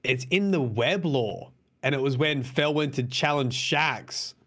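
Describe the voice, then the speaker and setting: A man talking casually as a podcast co-host. He rambles from point to point, drops swear words without a second thought and leans on plenty of fillers. His pitch sits in an ordinary middle range. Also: measured pace, a bit bright. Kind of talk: casual chat.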